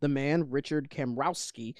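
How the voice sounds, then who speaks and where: A man's voice: mid-range voice, measured pace, darkish tone, no echo, clean studio sound. A young man co-hosting a casual comedy podcast, rambling and laughing as he talks. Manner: rambling, self-interrupting, laughs often. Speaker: podcast co-host.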